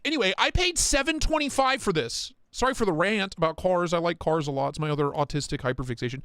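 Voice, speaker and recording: Excitable, swearing man on a livestream. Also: on the high side, brisk, few pauses, smooth, no room sound, studio quality. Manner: excitable, profane, rambling rants. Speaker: livestream host. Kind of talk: casual live chat.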